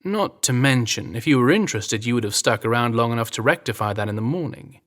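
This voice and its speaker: A man's voice: mid-range voice, animated, fairly quick, a bit bright, close to an everyday voice. A man with an English accent voicing a dry, teasing young royal guard in an audio drama reading. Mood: wry. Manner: wry, dry humour.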